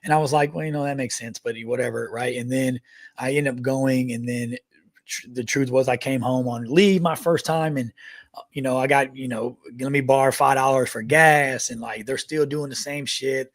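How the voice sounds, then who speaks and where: A man's voice: mid-range voice, moderate pace, no room sound. A man in his thirties, an army veteran co-hosting a podcast, telling stories casually with lots of swearing and laughter. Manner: profane, laughing, animated anecdotes. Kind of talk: casual storytelling.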